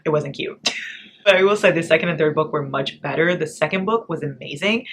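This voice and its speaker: A young American woman chatting casually through a book reading wrap-up, blunt and animated, swearing freely. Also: low-pitched, a little fast, a little hiss or hum. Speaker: book vlogger.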